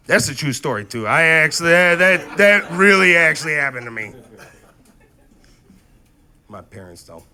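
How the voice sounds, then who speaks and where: Animated man telling stand-up stories. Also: on the high side. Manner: animated, quick to act out quotes. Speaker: stand-up comedian. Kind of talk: stand-up comedy storytelling. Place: comedy stage before a live audience.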